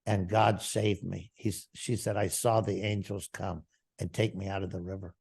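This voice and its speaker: Gravelly-voiced pastor guy telling his testimony, acts out all the back and forth lines. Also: low-pitched, level tone, moderate pace, darkish tone. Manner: storytelling, acting out quoted dialogue. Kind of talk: testimony told to a congregation.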